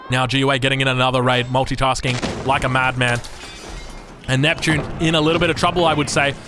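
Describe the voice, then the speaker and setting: A man's voice: medium pitch, fast talker, background noise. A man with an Australian accent giving chatty play-by-play commentary on a strategy game, correcting himself and breaking into hype at big moments. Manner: chatty, self-correcting, bursts into excited hype. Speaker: game caster.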